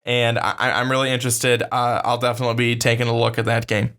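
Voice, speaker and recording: A man co-hosting a casual sports podcast, halting and restarting as he gives his takes. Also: mid-range voice, monotone, a bit bright. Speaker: podcast co-host.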